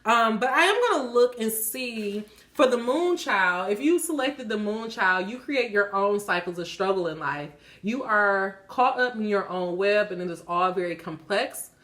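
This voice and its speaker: A woman's voice: medium pitch, animated, normal speed, hardly any pauses, a bit bright. A woman hosting her own channel, giving a casual card reading to her viewers. She reads the cards aloud, breaks off to laugh and swear, and gets emotional. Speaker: tarot reader and channel host.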